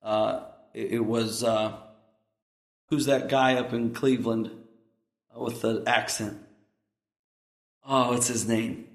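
A man's voice: medium pitch, flat delivery, slow pace, pauses often, echoey room. A man in his thirties, a pastor preaching a sermon in an earnest, emphatic way, with asides to the congregation.

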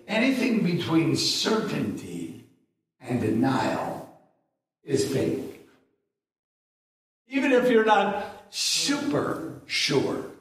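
Older male preacher, lively and slow. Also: a little high. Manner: folksy storytelling, acts out both sides of a dialogue. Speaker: guest preacher. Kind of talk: sermon. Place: church. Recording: echoey church hall, mic at a distance.

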